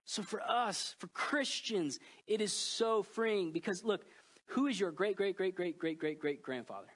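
A man in his thirties preaching a sermon as pastor, earnest and emotional, swinging between loud pleas and hushed lines. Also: high-pitched, measured pace.

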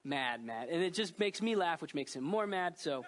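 Pastor, male, thirties, high voice, earnest sermon delivery that drops to a hush at times. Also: lively intonation, moderate pace. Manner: earnest, emotional, swings between loud and hushed.

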